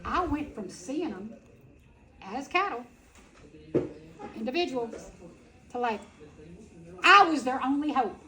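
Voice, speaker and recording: A middle-aged woman telling a personal story at a festival, dramatic, acting out quotes and swinging between loud and soft. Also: sits high, lively intonation, slow pace, long pauses, noisy background. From Texas. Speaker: speaker at a festival. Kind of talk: storytelling talk.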